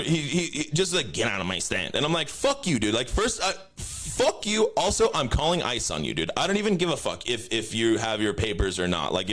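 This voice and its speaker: A young man hosting a podcast, telling a profane story in a loose, ranting way and jumping up high when he quotes himself. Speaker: podcast host. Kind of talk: casual rant.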